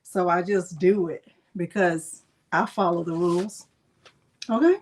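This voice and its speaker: A woman's voice: fairly low pitch, unhurried, darkish tone. A woman hosting a casual crafting livestream, chatty and playful, greeting her viewers by name.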